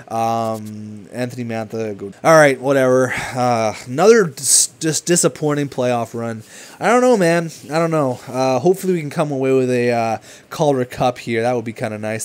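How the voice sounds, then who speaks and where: A young man giving casual, excitable commentary over a video game, swinging between hype and frustrated swearing. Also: medium pitch, normal speed. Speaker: gaming commentator.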